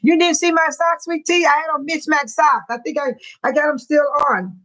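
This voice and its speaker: A woman's voice: sits high, normal speed, a bit bright, low-quality recording. A woman hosting a livestream, chatting casually to her viewers, repeating herself and laughing often. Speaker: livestream host.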